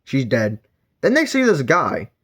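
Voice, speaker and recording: A man talks through a book review in a loose, rambling way. He fills gaps with fillers and keeps correcting himself mid-sentence, at an ordinary mid pitch. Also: wildly swooping pitch, measured pace, a bit bright.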